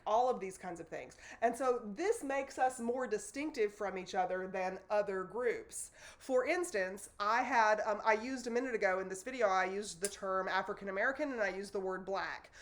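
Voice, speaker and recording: A woman, teaching a sociology lesson to students in a loose, conversational way with fillers and self-corrections. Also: medium pitch. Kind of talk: recorded classroom lecture. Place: classroom in front of a board.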